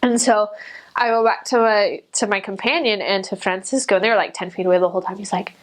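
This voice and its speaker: A young adult woman, a returned missionary, telling a personal story in a chatty, animated way, full of "like" fillers. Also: mid-range voice, quick pace. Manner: chatty, animated, many "like" fillers, acts out quotes in a raised voice.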